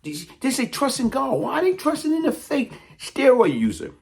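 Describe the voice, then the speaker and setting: A man's voice: extremely high pitch, wildly swooping pitch, normal speed, vocal fry, darkish tone. A man delivering a heated, taunting call-out monologue in blunt street talk. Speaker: YouTube commentator.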